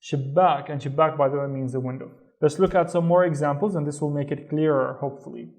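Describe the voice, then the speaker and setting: A man's voice: on the high side, quick pace, darkish tone. A man with a Saudi Arabic accent teaching a beginner lesson, explaining step by step and often checking in with "right?". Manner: patient, stepwise, checks in with "right?".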